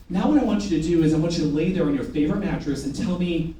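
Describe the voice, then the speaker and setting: Guy with a high voice coaching a sales team, lots of call and response, big echo far from the mic. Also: racing. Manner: energetic, rhetorical questions, call-and-response with the room. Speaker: sales trainer. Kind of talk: live sales training demonstration. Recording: echoey room from far off, faint noise.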